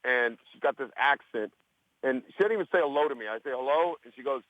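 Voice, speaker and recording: A man's voice: medium pitch, fast talker, no room sound, narrow, tinny audio. A man guesting on a radio show, telling stories in a rambling, self-interrupting way while hungover.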